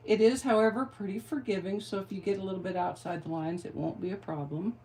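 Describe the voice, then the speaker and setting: A woman's voice: medium pitch, fairly even intonation, fast talker, warm tone. A middle-aged woman giving a card-making tutorial, chatty and playful, with rambling asides. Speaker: craft demonstrator.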